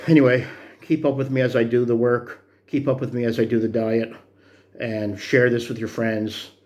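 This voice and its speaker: A man in his fifties discusses his workout progress in a motivational fitness vlog, rambling yet earnest and encouraging. His medium-pitched, darkish voice moves little in pitch at a normal speed, and the audio is dull with slight background noise.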